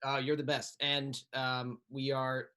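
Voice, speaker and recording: A man's voice: medium pitch, monotone, measured pace, bright, forceful tone, clear, resonant tone. A man hosting a livestream over a video call, chatting in a friendly, easygoing way. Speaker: livestream host. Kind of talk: casual chat.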